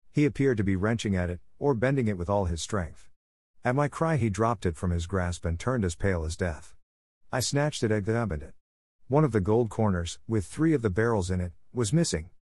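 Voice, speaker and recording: Male audiobook narrator, low voice, dry close recording, measured first-person telling. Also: darkish tone, no room sound.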